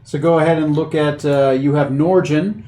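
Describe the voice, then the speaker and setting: A man's voice: fairly high pitch, steady tone, normal speed, warm tone. A man acting as game master for a tabletop game, narrating loosely with many fillers and restarts. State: has the hiccups.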